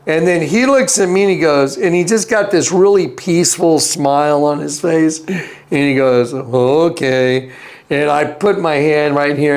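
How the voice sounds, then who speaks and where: A man telling a story as an interview guest, wandering between asides and acting out other people's lines in a raised voice. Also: a little high. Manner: rambling, with frequent restarts and asides. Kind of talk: casual storytelling.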